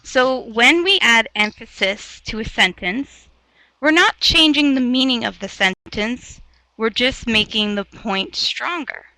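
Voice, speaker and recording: Woman English tutor from Canada, bright slow delivery, dry close sound, encouraging. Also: fairly high pitch, animated, dry recording, low-quality recording. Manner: patient, encouraging, explains slowly. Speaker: English teacher. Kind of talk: online English lesson. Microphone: video call headset or laptop mic.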